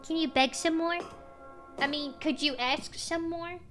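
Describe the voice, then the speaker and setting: High-voiced, apologetic young woman streamer. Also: fairly even intonation, unhurried, fairly bright tone, soft background music. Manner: apologetic and playful, often repeats herself. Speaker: streamer playing a game. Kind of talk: casual live-stream commentary.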